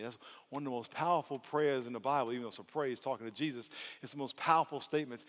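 A male pastor preaching a lively, playful sermon that swings from soft asides to loud outbursts. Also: mid-range voice, fast talker, few pauses. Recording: long hall reverb.

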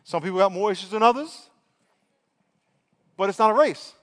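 A man with a high voice preaches a sermon, chatting with his listeners and then pressing his points hard. He acts out little quoted exchanges along the way. His voice rings with the long reverb of a large hall. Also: expressive, normal speed, fairly bright tone. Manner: conversational, emphatic preaching with acted-out quotes. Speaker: pastor.

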